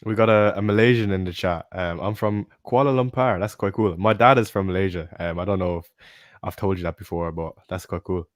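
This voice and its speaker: A man's voice: sits low, a little fast, no room sound, studio quality. An Irish man co-hosting a casual live stream in an easygoing, laid-back way. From Ireland. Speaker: co-host.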